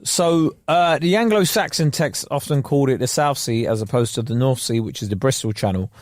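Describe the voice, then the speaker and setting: A man's voice: medium pitch, fairly quick, darkish tone, dry recording, studio quality. A man co-hosting a casual podcast chat, rambling with lots of fillers and laughing often. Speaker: podcast co-host.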